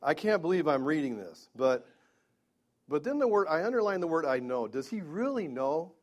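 A man's voice: fairly high pitch, very animated, moderate pace. A man preaching a Bible-teaching sermon, earnest, with stammering restarts and emphatic peaks.

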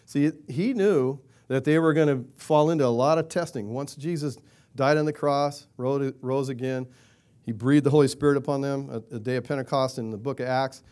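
At a moderate pace, a male pastor preaches as if in conversation, asking rhetorical questions and acting out quoted prayers with a louder, higher-pitched delivery.

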